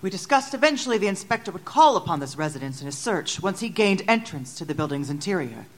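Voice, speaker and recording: A woman narrating a story in the first person, with expressive storytelling. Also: fairly low pitch, quick pace, poor audio. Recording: narration over music. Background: background music.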